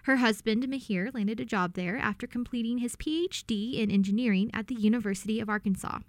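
A woman's voice: fairly high pitch, no echo. Woman host reading a radio intro. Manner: clear, measured delivery.

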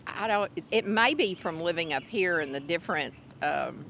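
An older woman from Arkansas with a Southern drawl, interviewed outdoors in a park, speaking haltingly as she searches for words. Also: lowish voice, animated, fairly bright tone, a little hiss or hum. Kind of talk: casual interview.

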